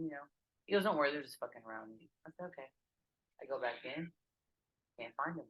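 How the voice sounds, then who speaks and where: Low-voiced woman telling stories. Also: quick pace, pauses often, muffled recording. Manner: animated, profane storyteller acting out quotes. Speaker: podcast guest. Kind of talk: casual storytelling chat. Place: backyard outdoors.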